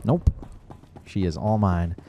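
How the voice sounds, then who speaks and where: A man's voice: low voice, slow, dark tone. A man casually talking through a video game as co-host, good-humored and loose, often restarting his sentences. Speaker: co-host showing gameplay. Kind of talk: casual gameplay commentary.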